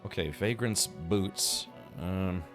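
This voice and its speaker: Chatty low-voiced man streaming a game. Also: takes it slowly. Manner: chatty, musing aloud with fillers. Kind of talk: casual gameplay commentary. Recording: faint game music behind.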